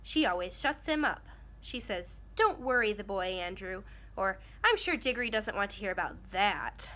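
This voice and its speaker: Sulky young boy in a storybook, read by a woman. Wound-up and defensive, bright tone. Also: mid-range voice, animated, moderate pace.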